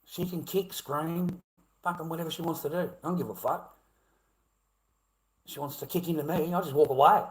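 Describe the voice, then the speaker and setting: A man's voice: a little high, fairly even intonation, normal speed, pauses often. Blunt, swearing Aussie man ranting. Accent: Australian. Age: middle-aged. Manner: blunt, heavy swearing, repeating himself. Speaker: livestreamer. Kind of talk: ranting to a live chat.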